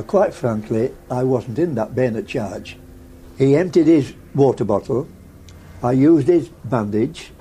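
A man's voice: mid-range voice, warm tone, husky, poor audio. An older man telling his story in a rambling, vivid way with repeats during an interview. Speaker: war veteran interviewee.

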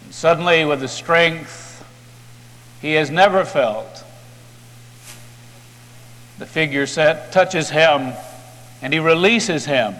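A man's voice: on the high side, takes it slowly, pauses often, a bit bright, long reverb tail. A man preaching, retelling a story in a dramatic, vivid way.

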